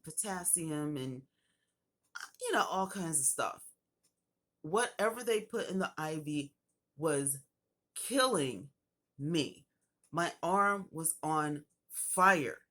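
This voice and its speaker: Low-voiced woman telling her own story. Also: slow. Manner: animated retelling with acted quotes. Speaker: vlogger. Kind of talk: personal storytelling.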